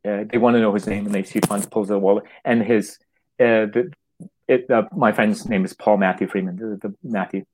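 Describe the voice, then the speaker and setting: Animated Canadian man telling a story. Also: lowish voice, a little fast, poor audio. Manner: animated, laughing often, many restarts. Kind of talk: anecdotal storytelling.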